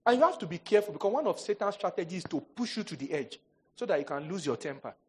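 A man's voice: high voice, quick pace, breathy edge. A male pastor preaching a sermon, telling humorous stories and acting out quoted voices. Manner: animated storytelling, jokes and mock quotes.

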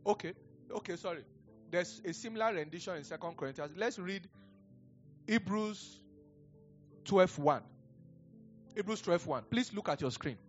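High-voiced Nigerian pastor preaching. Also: male voice, animated, moderate pace, long pauses. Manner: conversational, digressive storytelling with chuckles. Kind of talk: preaching a sermon. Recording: dull lo-fi sound with faint music.

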